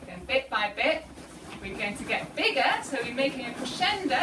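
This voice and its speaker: Lively woman teaching a children's music class. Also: high voice, fairly quick, background noise. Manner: lively, encouraging, calls out cues. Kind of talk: group music lesson with children. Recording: echoey room, distant mic, loud music. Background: loud music.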